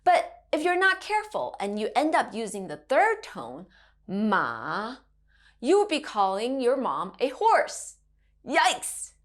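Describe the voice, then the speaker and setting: Woman teacher for a kids' language lesson, bright and bouncy, slow and clear. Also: high-pitched, huge pitch swings. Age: adult parent. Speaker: Mandarin teacher.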